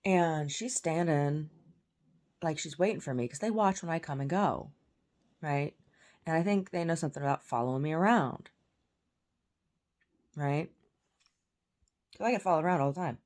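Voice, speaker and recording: Woman, low voice, indignant rant, profane, stammering restarts, home vlog. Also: normal speed, long pauses, a little mellow. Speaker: vlogger. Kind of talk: casual ranting monologue.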